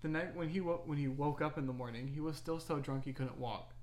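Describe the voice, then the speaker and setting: A young adult co-host on a chat podcast, telling stories with halting restarts. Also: mid-range voice, fairly even intonation, darkish tone. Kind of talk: casual chat.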